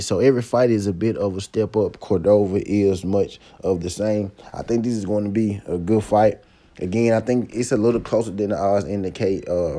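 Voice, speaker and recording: A man hosts his boxing picks show in a loose, chatty way. His voice sits fairly low and has a dark, mellow tone. He keeps checking in with the listener as he goes. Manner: laid-back, conversational, sprinkles "you know" and "right?". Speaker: boxing betting picks host. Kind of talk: casual picks commentary.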